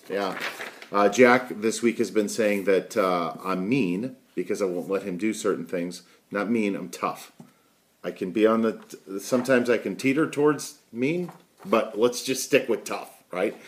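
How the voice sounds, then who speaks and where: A middle-aged man hosting a casual daily video show from home on a headset mic, rambling and chatty with frequent "right?" asides. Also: on the low side. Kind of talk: casual daily talk to camera.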